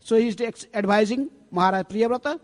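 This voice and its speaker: High-voiced swami in reverberant hall. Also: male voice, quick pace. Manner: conversational, frequent rhetorical "eh?". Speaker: preacher, swami. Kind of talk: storytelling scripture lecture. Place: temple hall.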